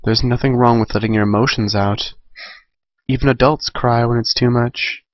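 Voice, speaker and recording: A man's voice: medium pitch, steady tone, normal speed, no echo, muffled recording. A man reading a fan story aloud in a casual way, correcting himself and adding chatty asides. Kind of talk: amateur fan fiction reading.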